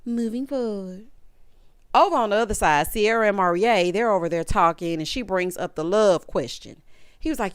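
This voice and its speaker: A woman's voice: mid-range voice, very animated, normal speed, a bit bright, clean tone, dry recording, studio quality. A woman hosting a reality TV recap, talking casually, blunt and sassy, scolding the cast and calling listeners honey. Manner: calls viewers honey and baby.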